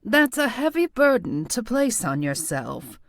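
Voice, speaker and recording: A woman voicing a poised, patient middle-aged tarot reader who speaks in a calm, knowing, lightly teasing way for an audiobook. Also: on the high side, a little slow, no echo, studio quality. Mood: earnest. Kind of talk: audiobook character voice.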